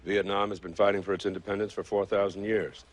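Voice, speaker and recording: A defiant older revolutionary leader, played by a man in a film drama, proud and scornful. His voice sits very low, and he speaks in a measured way. The clip is a scene from a film. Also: little pitch movement, a little hiss or hum, close to an everyday voice.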